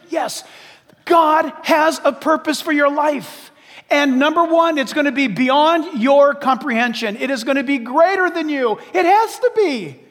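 A man with a very high-pitched voice preaches a sermon, emphatic and full of rhetorical questions. He keeps calling the congregation to listen. A long reverb trails his words through a large church hall. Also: fairly bright tone. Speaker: pastor.

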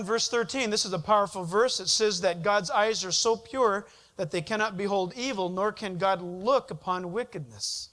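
A man preaching a sermon to a congregation, animated, often putting questions to the listeners and answering them himself. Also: high-pitched. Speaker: pastor.

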